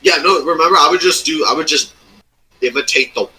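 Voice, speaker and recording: A former game master rambles through an old tabletop campaign story in casual conversation, cursing frequently. His voice is a little high, fairly quick, bright and forceful, captured on a low-quality recording.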